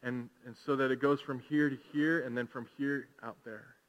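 A man preaching a sermon as pastor, swinging from hushed, slow passages to loud, fervent calls to the congregation. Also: medium pitch, steady tone. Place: large church hall. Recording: long hall reverb.

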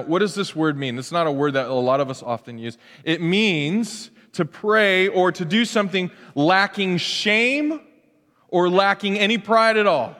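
A man in his thirties preaching a sermon in an animated way, acting out quoted prayers and cries. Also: sits high. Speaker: pastor. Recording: long reverb of a large hall.

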